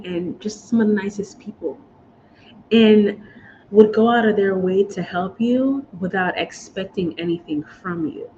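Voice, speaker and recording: A woman's voice: medium pitch, normal speed, a little mellow. A woman vlogger from the United States talking in a casual, chatty, emotional way, often saying y'all and guys. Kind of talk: casual chat. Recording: dull lo-fi sound with faint noise.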